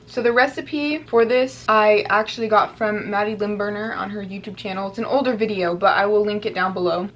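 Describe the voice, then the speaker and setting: A woman's voice: mid-range voice, steady tone, a little fast, few pauses, fairly bright tone, slight background noise. A young woman vlogger chatting casually to her viewers while she eats. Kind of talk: casual mukbang chat.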